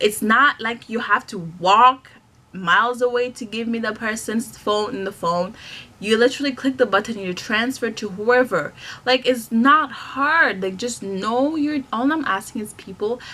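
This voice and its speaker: A young woman telling a story time vlog, animated and emphatic, with frequent restarts and repeated words. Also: medium pitch. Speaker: vlogger.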